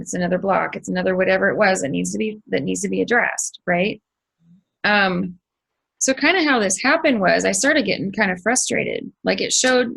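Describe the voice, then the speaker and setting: A woman's voice: medium pitch, vocal fry, a bit bright, husky, low-quality recording. A middle-aged woman hosting a spiritual channel, telling a story casually, swearing freely and acting it out with sound effects.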